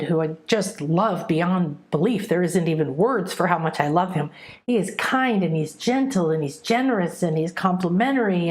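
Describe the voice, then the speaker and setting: A woman's voice: on the low side, darkish tone. Earnest middle-aged woman spiritual teacher. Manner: earnest, emotive, checks in with listeners. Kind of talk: heartfelt teaching monologue with personal stories.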